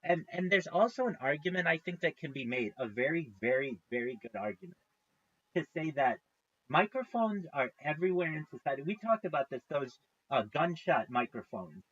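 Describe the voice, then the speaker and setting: A man's voice: fairly high pitch, sing-song, moderate pace, fairly bright tone, breathy edge, lo-fi sound. A man streaming live, chatting casually in a rambling way, with frequent restarts and free swearing.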